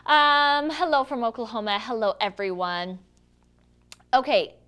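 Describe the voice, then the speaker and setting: A woman's voice: fairly high pitch, expressive, a little slow, fairly bright tone, smooth. A woman hosting a casual live stream, chatty and self-deprecating, laughing often between lines. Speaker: live show host.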